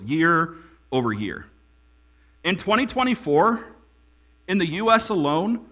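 A man preaching a sermon as a pastor, building to emphatic peaks and dropping to quiet lines. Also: high-pitched.

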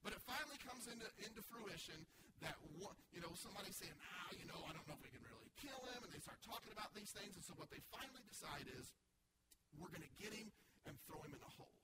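A man with a slightly high voice preaches a sermon, retelling a Bible story in a loose, casual way. He acts out the lines in everyday slang. Loud noise runs behind his voice. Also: animated, fast. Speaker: pastor. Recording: heavy background noise.

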